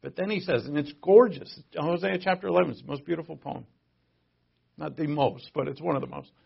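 A middle-aged man preaching a sermon as a pastor, conversational and joking, swinging between loud emphasis and quiet asides. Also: fairly high pitch, brisk, creaky, breathy edge, muffled recording.

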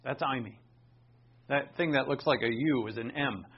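A man preaching a sermon, animated, swinging between emphatic bursts and quiet asides. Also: medium pitch, normal speed, slightly rough. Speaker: pastor. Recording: dull lo-fi sound.

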